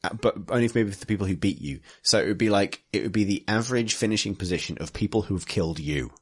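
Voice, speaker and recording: Low-voiced rambling podcast host. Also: male voice, lively intonation, fast, breathy edge. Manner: rambling, restarting sentences, laughing. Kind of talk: casual chat.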